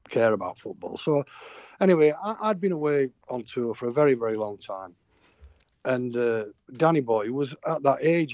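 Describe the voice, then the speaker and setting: A man's voice: medium pitch, dark tone, dry recording, muffled recording. Rambling Sheffield man with a Yorkshire accent. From Sheffield, England. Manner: rambling storyteller, many fillers and restarts. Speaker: touring musician guest. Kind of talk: anecdotal interview chat.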